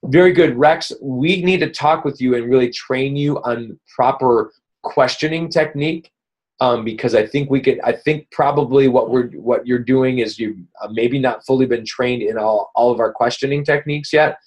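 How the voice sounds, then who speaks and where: A man's voice: medium pitch, moderate pace, darkish tone. A man hosting a weekly coaching call, talking casually and upbeat, rambling with many fillers and restarts. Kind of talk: casual motivational coaching talk.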